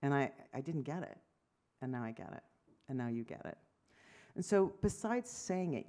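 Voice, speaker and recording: A woman in her fifties, a physician giving an award lecture, telling animated stories, acting out conversations and making self-deprecating asides. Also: very deep voice, moderate pace, pauses often. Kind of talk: lecture to medical audience.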